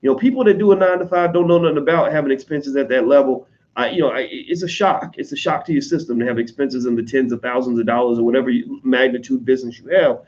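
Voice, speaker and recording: A man with an American accent talking casually to his audience, blunt and profane, slipping into quick mimicry of other people. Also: mid-range voice, a little mellow, dull audio. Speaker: online commentator on business. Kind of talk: casual unscripted monologue.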